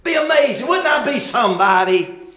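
High-voiced preacher man in an echoey room. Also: normal speed. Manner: folksy, animated, bursts into shouts and chuckles. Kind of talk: sermon.

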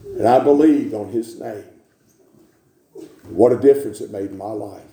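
A man preaching a sermon in a church, building to repeated shouted refrains. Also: on the low side, normal speed, reverberant.

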